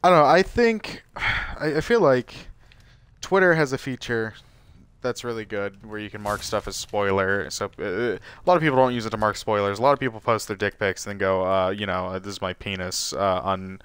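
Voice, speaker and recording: A man's voice: fairly low pitch, a little fast, a bit bright, clean tone, dry recording. Rambling, sweary man playing a game. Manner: rambling, sweary, restarts often. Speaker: gaming YouTuber. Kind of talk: casual let's-play chat.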